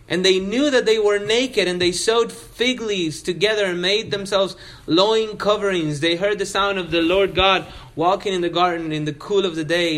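High-voiced man preaching a sermon. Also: fairly bright tone. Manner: earnest, emphatic scripture reading and explanation. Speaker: pastor. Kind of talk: expository sermon.

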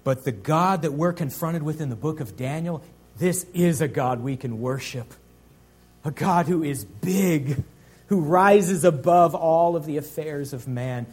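A man preaching a sermon as pastor, earnest, slowing and swelling on key phrases. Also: fairly high pitch, a little mellow.

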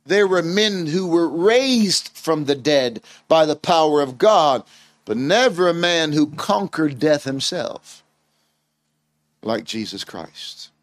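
A man's voice: on the high side, no room sound. A man preaching a sermon in an earnest, emphatic way, asking his listeners rhetorical questions.

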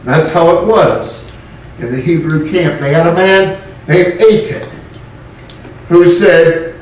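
A male pastor preaching a sermon in an animated way, with joking asides. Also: on the high side, slow, long pauses, slight background noise. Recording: very echoey room, mic far off.

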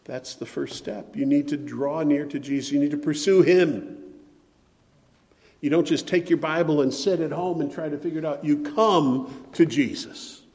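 Male preacher, fairly high voice, pleading sermon, long church reverb. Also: moderate pace. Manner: impassioned, pleading, swings loud and soft.

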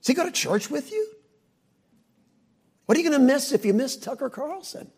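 A middle-aged man preaching a sermon in a folksy, storytelling way, his voice pitched high and gravelly. He swings widely up and down, with a husky edge to every phrase. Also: moderate pace. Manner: folksy, animated storytelling with asides. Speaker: pastor.

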